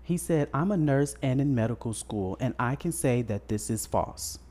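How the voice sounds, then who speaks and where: A man's voice: medium pitch, lively intonation, normal speed, mellow. A man co-hosting a podcast in a casual chat, telling a story bluntly with crude slang. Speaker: podcast co-host.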